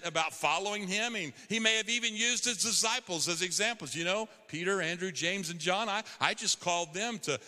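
A man's voice: sits high, pushed and bright. A man preaching a sermon as a pastor, emphatic and conversational, rising on key phrases. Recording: long hall reverb.

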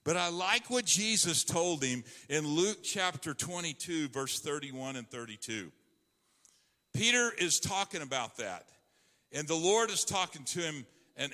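Man, pastor, sermon, dramatic loud-soft swings, long hall reverb. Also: a little high.

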